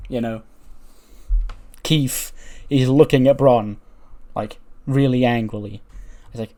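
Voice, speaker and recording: A man's voice: medium pitch, fairly even intonation, slow pace, dark tone. A man casually narrating his wrestling game playthrough, with lots of fillers. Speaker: game streamer. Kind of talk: let's play commentary.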